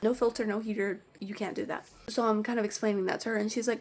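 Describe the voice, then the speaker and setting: A young woman telling pet store stories in an animated, exasperated rant, swearing freely. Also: mid-range voice, fast, hardly any pauses. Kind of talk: storytime rant.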